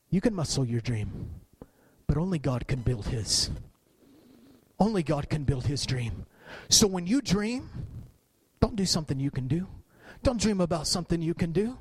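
A middle-aged man preaching a sermon as pastor, repeating phrases for emphasis and rising in pitch at his peaks. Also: expressive, measured pace, pauses often, husky.

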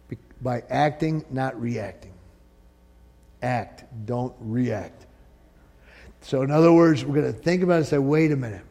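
Emphatic preacher man, swinging loud and soft. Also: on the high side. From northern United States. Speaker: pastor. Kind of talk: sermon.

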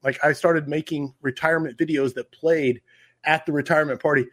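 A man's voice: on the high side, steady tone, fairly quick, fairly bright tone. A middle-aged man from Oklahoma hosting a fire service podcast, chatting casually and enthusiastically and reading a sponsor spot. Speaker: podcast host.

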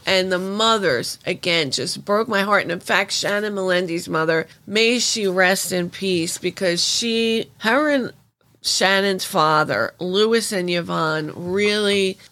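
Rambling, gravelly-voiced woman podcaster. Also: medium pitch, a bit bright. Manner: rambling, emotional, swears freely. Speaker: true crime podcast host. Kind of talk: casual monologue. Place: at home.

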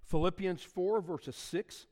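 A man's voice: high voice, slow pace, a little mellow. A male pastor preaching a sermon in a church, leaning on key words and drawing them out for emphasis. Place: church sanctuary with congregation. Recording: long reverb of a church hall.

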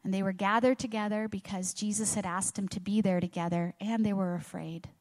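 A woman's voice: medium pitch, fairly even intonation, fairly quick, a little mellow. Woman preaching in a reverberant hall. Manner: earnest preaching with rhetorical questions. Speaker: pastor. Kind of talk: sermon. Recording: long reverb of a large hall.

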